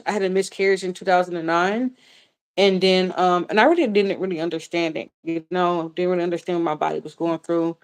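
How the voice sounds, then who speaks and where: A woman's voice: on the low side, clear, resonant tone. A woman in her thirties, a vlogger answering viewer questions in a casual live chat, talking candidly with lots of fillers and repeats. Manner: candid and chatty, with frequent fillers and swearing; rambling, repeats herself.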